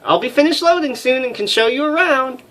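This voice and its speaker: A man's voice: very high voice, a little fast, fairly bright tone, pitched above the performer's own voice. A man voicing a cheerful, eager young female flight officer in a let's play, in a chirpy, helpful manner.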